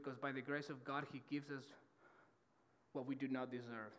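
A man's voice: medium pitch, little pitch movement, fairly quick, a bit bright, big-room sound, slight background noise. A man preaching a sermon as pastor, fervent and passionate, often repeating words and restarting phrases. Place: church auditorium.

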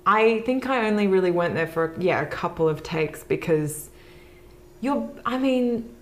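A woman's voice: mid-range voice, lively intonation, measured pace. A woman in her thirties with an Australian accent, talking candidly as a guest in a podcast interview and laughing often. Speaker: actress guest.

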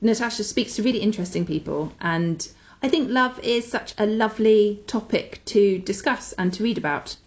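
A woman co-hosting a casual podcast. She gushes with enthusiasm as she recommends things she loves, in an ordinary middle-pitched voice. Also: moderate pace. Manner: enthusiastic, gushing. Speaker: podcast co-host.

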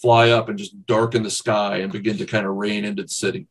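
A man's voice: fairly low pitch, flat delivery, quick pace, husky. A man narrating as game master of a tabletop game, in a casual, fillered way with the odd swear word.

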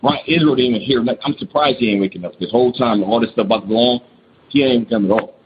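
Casual male storyteller, rambling and slangy, muffled lo-fi recording with steady hiss. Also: mid-range voice, very fast. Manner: rambling, restarts often, slangy. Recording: dull lo-fi recording with clear noise.

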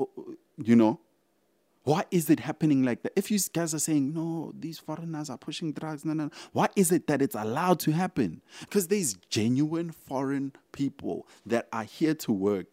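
Animated South African man hosting a podcast. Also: on the high side, dry recording. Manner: animated, rambling, talks straight to listeners. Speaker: podcast host. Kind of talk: casual solo podcast talk.

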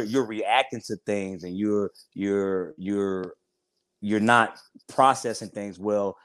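A man's voice: lowish voice, no room sound. A man in his forties talking openly in a casual interview, heartfelt and rambling, often restarting his sentences. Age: 40s. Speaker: podcast guest.

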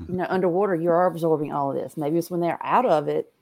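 A woman's voice: low voice, fast talker, darkish tone, no room sound. A woman co-hosting a podcast, thinking aloud in casual chat with lots of fillers. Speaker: podcast co-host.

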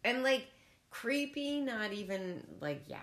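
A woman in her forties chatting casually on a podcast, excitable and swearing freely. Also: on the high side, slow. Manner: excitable, swears freely, sing-song chanting. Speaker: guest. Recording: echoey room with faint noise.

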